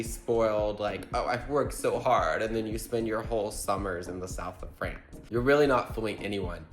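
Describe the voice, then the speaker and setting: Chatty young man in an echoey room. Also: lowish voice. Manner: chatty, gossipy, full of "like". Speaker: vlogger. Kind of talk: casual storytelling. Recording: echoey room, faint music.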